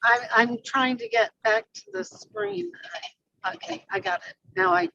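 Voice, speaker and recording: A woman's voice: high voice, expressive, normal speed, vocal fry, sharp tone, recorded from a distance, slight background noise. A woman in an online study group, flustered and hesitant, speaking from away from the mic on a dull, lo-fi video call. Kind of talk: casual talk.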